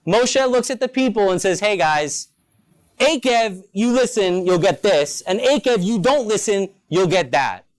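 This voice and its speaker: A man's voice: high-pitched, clean tone. A man, a rabbi, teaching a lunchtime Torah class with rhetorical questions and playful asides. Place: school campus.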